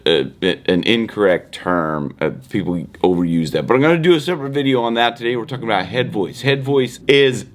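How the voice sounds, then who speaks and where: A middle-aged vocal mentor gives a casual singing lesson to camera in an expressive, fairly low voice, speaking fairly quickly with few pauses. His teaching is conversational, and now and then he demonstrates tones and moves about the room.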